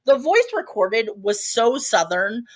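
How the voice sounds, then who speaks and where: A woman's voice: a little high, sing-song, slow pace. A woman co-hosting a podcast, telling a story in casual chat with many asides and restarts. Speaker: podcast co-host.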